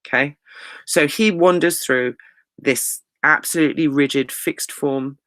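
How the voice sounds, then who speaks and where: A male English teacher giving a recorded lecture, explaining lively and reading lines of verse slowly. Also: fairly high pitch, no room sound.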